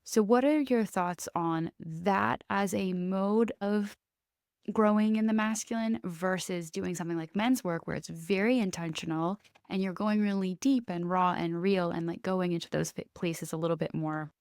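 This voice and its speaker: Chatty woman podcast host, low voice. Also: moderate pace, darkish tone, clean tone, dry recording, clean studio sound. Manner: chatty, lots of "like". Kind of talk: casual interview chat.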